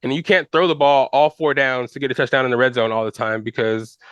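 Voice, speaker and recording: A man's voice: mid-range voice, steady tone, quick pace, fairly bright tone, clean tone, no room sound, dull audio. A man hosting a podcast, talking football casually in slang with fillers and restarts. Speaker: podcast host. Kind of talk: casual sports chat.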